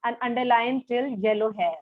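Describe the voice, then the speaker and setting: A woman teaches a literature lesson over a video call, walking through each passage slowly and checking in with "all right" after almost every point. Her voice sits fairly high. It comes through as thin, phone-like call audio with a dry, close sound. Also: no echo. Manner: explanatory, checks understanding with frequent "all right". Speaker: English teacher.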